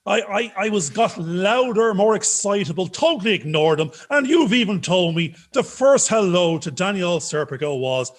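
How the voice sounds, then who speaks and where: A man co-hosting a podcast, cracking jokes in animated, playful, self-mocking banter. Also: high-pitched, normal speed, hardly any pauses. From Ireland. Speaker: podcast co-host. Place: video call.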